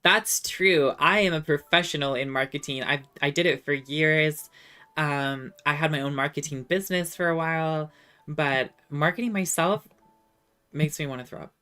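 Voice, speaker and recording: Low-voiced woman streamer chatting. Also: bright, forceful tone, faint music behind. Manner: chatty and self-deprecating, halting in French. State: slightly under the weather. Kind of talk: casual chat with viewers.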